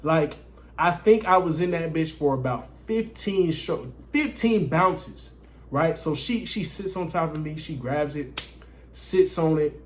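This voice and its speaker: A man's voice: on the high side, unhurried. A man telling a casual, profane story to his viewers, often addressing them as guys. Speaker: dating coach vlogger.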